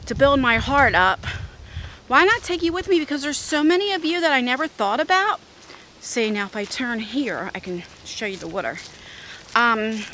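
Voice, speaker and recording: Filming on a handheld phone as she walks outdoor trails, a breathless female vlogger chats with her viewers in a casual walk-and-talk video. Her voice sits on the high side, and background noise can be heard.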